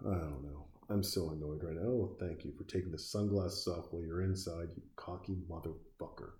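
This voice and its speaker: A man with a very low, mellow voice delivers casual reaction commentary. He is sarcastic and swears freely, talking back at the screen as he watches. His tone stays dark and relaxed throughout. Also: a little fast.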